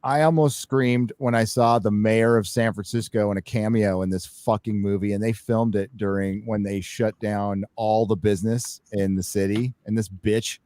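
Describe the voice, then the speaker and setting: A man guesting on a casual panel chat, rambling and halting, often swearing. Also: lowish voice, fairly even intonation, a little mellow, no room sound.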